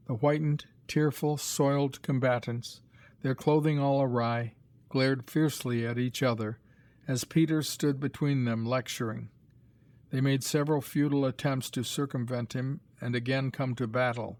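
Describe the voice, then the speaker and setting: A man's voice: medium pitch, dry recording. Man narrating a graded reader story. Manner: measured, even storytelling.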